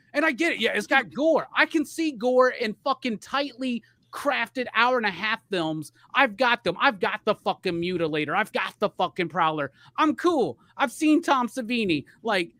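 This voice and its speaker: A man's voice: very high-pitched, expressive, moderate pace, hardly any pauses, pushed and bright, dry recording. A middle-aged man co-hosting a live podcast, airing grievances in a heated, profane, rambling rant. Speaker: podcast co-host.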